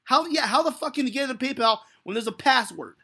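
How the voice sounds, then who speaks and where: Irate stream host, sharp tense voice, cursing at chat, swings up and down. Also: male voice, very high-pitched, lively intonation, fast talker, creaky. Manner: angry, defensive, swearing heavily. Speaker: livestreaming stock market analyst. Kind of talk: live stream rant at viewers.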